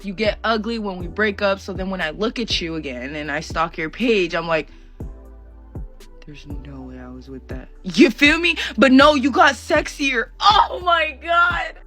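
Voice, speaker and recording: A woman talking in a dramatic, theatrical video monologue that swings between loud and hushed. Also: medium pitch, animated, moderate pace, hardly any pauses, soft background music.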